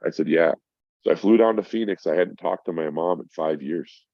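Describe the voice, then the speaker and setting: A man's voice: deep voice, moderate pace, vocal fry, darkish tone, no room sound. A middle-aged man, stoned, telling a rambling, profane story in casual chat as a podcast guest. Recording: dull lo-fi sound.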